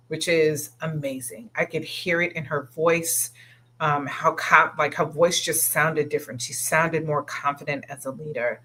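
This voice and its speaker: A woman's voice: low-pitched, fairly even intonation, a little slow, bright, forceful tone, husky. A middle-aged woman hosting a solo coaching podcast, talking earnestly, often checking in with "right?" and backtracking to explain. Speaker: leadership coach and podcast host.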